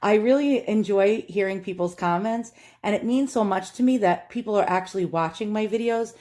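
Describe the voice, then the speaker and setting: A woman's voice: mid-range voice, moderate pace, mellow. A woman with a New York accent chatting in a casual vlog, nervous and self-deprecating, rambling with lots of fillers and restarts. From Long Island, New York. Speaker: vlogger.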